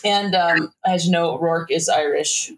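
A woman's voice: lowish voice, measured pace, background noise. Easygoing woman podcast host. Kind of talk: casual review chat.

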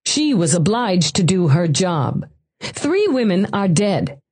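A woman's voice: fairly low pitch, big pitch swings, slow, a little mellow, slightly rough, full character voice. A woman voicing a cool, tough woman cop in an audiobook, in a clipped and firm way.

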